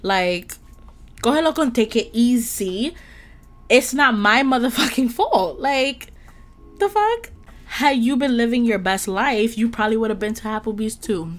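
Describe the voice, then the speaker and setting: A young woman in her twenties telling a date story in a casual, animated, profane way with laughing asides. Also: fairly high pitch, a little slow. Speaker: podcast host.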